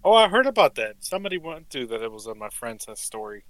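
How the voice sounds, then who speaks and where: Loud, swearing podcast co-host. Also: male voice, medium pitch, very animated, fast, no echo. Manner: loud, swearing, bursts into hype. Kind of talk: casual chat.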